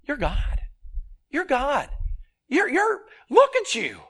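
A man preaching who voices the devil as a pushy tempter, coaxing and insistent, breaking into shouts. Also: very high voice, wildly swooping pitch, takes it slowly, pitched above the performer's own voice, full character voice. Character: smooth-talking male devil tempting Jesus. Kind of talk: sermon retelling with acted voices.

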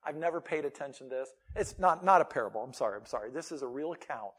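A man preaching a sermon as pastor, animated and emphatic, with conversational asides to the congregation. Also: mid-range voice, fast talker, slightly rough.

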